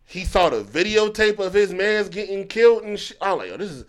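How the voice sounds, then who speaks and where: A man in a casual podcast conversation, his voice sitting a little high and bouncing all over the place. He talks in bursts, gets loud to make a point, then drops to a mutter. His sentences trail off and restart. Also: animated, normal speed. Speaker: podcast co-host. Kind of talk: casual chat.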